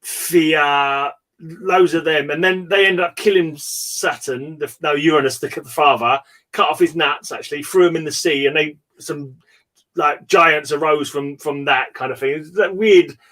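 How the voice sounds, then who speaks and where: A man's voice: a little high, a little slow, pushed and bright. A man hosting a casual online chat, telling stories in a rambling way, with many restarts and fillers and frequent laughter. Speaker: host. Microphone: remote call.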